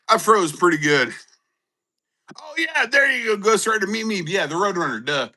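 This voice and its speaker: A man hosting a casual live stream with his dog, chatting with viewers by name and breaking into excited shouts. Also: sits high, rough recording. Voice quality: halting, many fillers and restarts. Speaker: livestream host with his dog.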